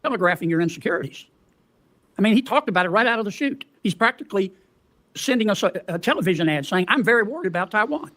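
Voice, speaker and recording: A man questioning a military officer at a hearing, asking folksy leading questions with halting restarts. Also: high-pitched, expressive, bright, forceful tone.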